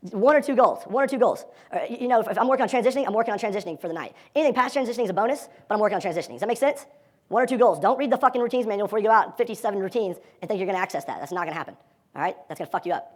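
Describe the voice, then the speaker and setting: His voice sits high and races along as he runs a live dating seminar, swearing freely, full of energy, and performing the lines he quotes for the audience.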